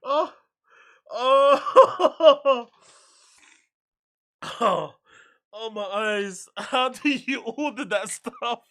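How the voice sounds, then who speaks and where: A man's voice: very high-pitched, lively intonation, drawn-out words, long pauses, fairly bright tone, no room sound, clean studio sound. A man hosting a casual reaction show who laughs hard and swears freely. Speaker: host.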